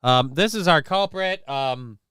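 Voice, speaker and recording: A man's voice: a little high, measured pace, a bit bright, smooth, no echo, studio quality. A middle-aged man hosting a live stream, chatting casually, reading news and making sarcastic, rambling asides with mock-indignant questions. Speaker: live-stream show host.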